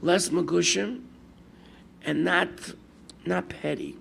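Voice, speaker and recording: A man's voice: high voice, slow pace, vocal fry, a little hiss or hum. An older man, a rabbi telling stories in a sermon and acting out the people in them. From United States. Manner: storytelling with lively quoted asides, mixing Hebrew and Yiddish terms. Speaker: rabbi giving a Torah class.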